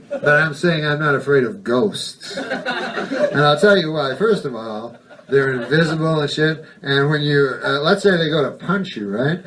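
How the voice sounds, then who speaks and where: A man doing a stand-up comedy set on a club stage, rambling in a deadpan way and swearing a lot. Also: on the high side. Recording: distant mic, noisy live recording.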